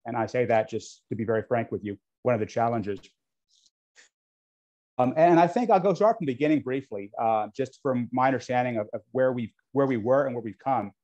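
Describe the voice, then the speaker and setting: Here the guest speaker, an American discussing US-Indonesia relations, talks briskly in a medium-pitched, slightly mellow voice. The talk is unscripted and frank, dotted with ums and restarts, and the recording is dull and lo-fi.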